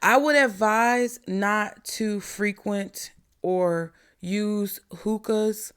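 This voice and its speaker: A woman's voice: medium pitch, smooth. A woman vlogger giving a casual spiritual talk to her viewers, calling them y'all and child in a chatty way. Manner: slow, drawn-out delivery. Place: home indoors.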